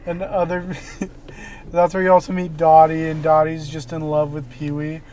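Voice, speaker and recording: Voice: mid-range voice, completely flat delivery, normal speed, a little mellow, slight background noise. A podcast co-host chatting casually about a movie, hesitant and full of "um" fillers. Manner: hesitant, many "um" fillers and restarts. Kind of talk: casual movie review chat.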